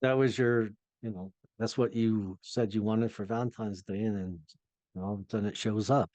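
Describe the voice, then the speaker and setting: A man co-hosting a casual chat, enthusiastic and quick with jokes. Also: fairly low pitch, steady tone, dark tone, dry recording. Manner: enthusiastic, jokey interjections. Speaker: co-host.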